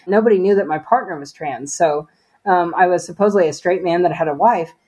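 A woman's voice: lowish voice, a little fast, a little mellow, breathy edge. A woman sharing a personal faith testimony as an interview guest, talking earnestly and casually with many fillers.

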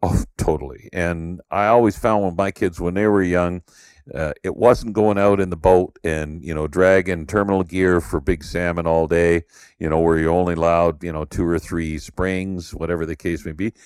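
A middle-aged podcast host from Canada talks in a casual, rambling way, with plenty of fillers as he tells stories. His voice sits very low, and the recording is dry and close. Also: fairly even intonation, normal speed, darkish tone, clear, resonant tone, no echo. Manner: storytelling, rambling with many "you know" fillers. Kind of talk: casual conversation.

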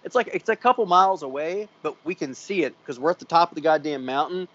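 Talking fast in a slightly high voice, this co-host tells a drawn-out story on a casual podcast. He's animated and foul-mouthed, performing the parts of everyone else in it, and the sound is lo-fi.

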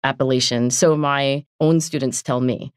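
A woman psychologist from Southern New Jersey co-hosting a podcast, chatting with eager, quick curiosity. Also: rumbling low, fairly even intonation, clean tone, no room sound, studio quality. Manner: enthusiastic, quick, inquisitive. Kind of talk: casual conversational podcast.

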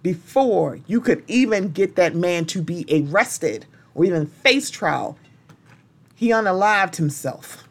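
A woman's voice: on the low side, lively intonation, slow pace. Impassioned woman hosting a solo podcast. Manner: impassioned and blunt, with strong language. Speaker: podcast host.

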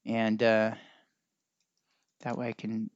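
A man's voice: lowish voice, monotone, takes it slowly, no echo. A man hosting a solo podcast, talking in a musing, teacherly way that keeps correcting itself. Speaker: podcast host. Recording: dry, dull lo-fi sound.

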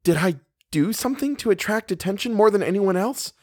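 Male reader playing a jittery, high-strung young woman, raised pitched voice, dry sound. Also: big pitch swings, unhurried, darkish tone, breathy edge, no room sound. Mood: pleading. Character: anxious, frightened young woman.

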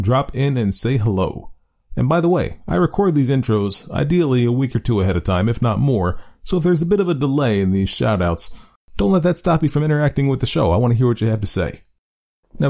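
A man hosting a short-story podcast, talking through his intro in a chatty, animated way. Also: mid-range voice, gravelly. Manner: lively, animated delivery. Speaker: podcast host. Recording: faint music behind.

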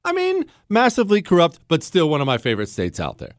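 A middle-aged man holds forth in an indignant political monologue, pitching his questions high and letting his voice leap around. The sound is dry and close, with no room around him. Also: wildly swooping pitch, fast talker, dry recording. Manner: heated, indignant, rhetorical questions. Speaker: podcast host.

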